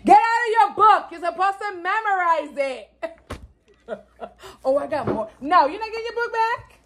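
A woman's voice: very high voice, lively intonation, normal speed, a bit bright, slight background noise. A woman quizzing her child on vocabulary words in a playful, teasing way, laughing often. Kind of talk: casual family chat.

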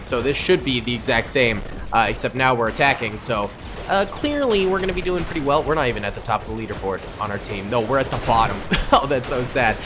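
A young man giving excitable, casual commentary over a battle game, with sudden loud outbursts and slang. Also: medium pitch. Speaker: gaming YouTuber.

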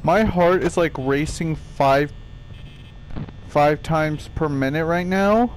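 A man's voice: a little high, takes it slowly, slight background noise. A young man giving panicky let's-play commentary, swearing and talking to the game characters. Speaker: gaming youtuber.

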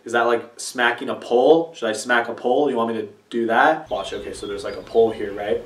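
A young man doing a silly comedic vlog with exaggerated reactions and deadpan asides. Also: mid-range voice, a little fast, few pauses. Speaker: YouTuber. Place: room with green screen. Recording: echoey room, from a distance, faint music.

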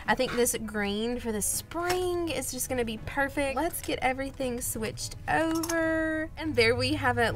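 A young woman with a slightly high voice. She talks in a casual, excitable way, gushing over every little thing she unboxes. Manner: gushing, excitable, gasping with delight. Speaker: budget vlogger.

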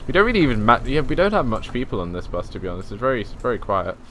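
A man's voice: medium pitch, big pitch swings, very fast, a bit bright, a little hiss or hum. A young man chatting casually as he streams a driving game, easygoing and laughing at himself. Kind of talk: casual live gameplay commentary.

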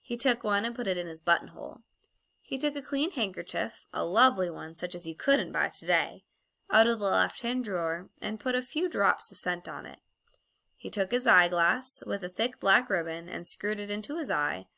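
Bright, gravelly woman narrator. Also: mid-range voice, lively intonation, normal speed. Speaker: audiobook reader. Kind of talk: storybook narration.

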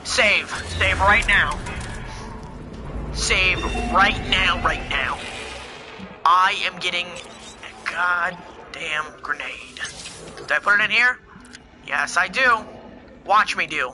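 A young man giving casual, excitable gameplay commentary as host, exclaiming and laughing as he plays. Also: high-pitched, unhurried, pauses often, soft background music.

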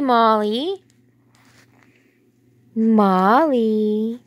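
A woman's voice: fairly high pitch, animated, slow pace, no echo. A woman filming her dogs at home on a phone, talking to them in a playful baby-talk way with chuckles. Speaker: dog owner filming her pets. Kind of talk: casual talk to pets. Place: home indoors.

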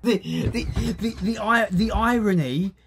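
A young man unboxing a gift, excitable and swearing often, laughing as he talks. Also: high voice, slow pace, gravelly, soft background music. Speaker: YouTuber. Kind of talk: casual unboxing vlog.

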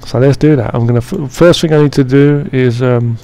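A man talks through an editing session in loose, rambling commentary, heavy on slang and swearing. His voice is gravelly with plenty of fry. The tone sits dark and mellow rather than bright. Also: medium pitch, fairly even intonation, fairly quick. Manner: slangy, profane, joking and rambling. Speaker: editing tutorial narrator. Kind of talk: casual profane screen-recording commentary.

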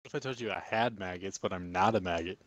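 A young man playing a game with a friend, talking calmly and teasing him in a dry way during casual banter. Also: deep voice, quick pace, very noisy. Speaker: co-player.

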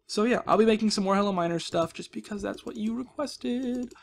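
A man's voice: sits high, quick pace, vocal fry, few pauses. Playful man narrating his gameplay. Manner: playful, talks baby-talk to villagers, jokey asides. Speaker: gaming video host. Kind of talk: casual Minecraft let's-play commentary. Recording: faint background noise.

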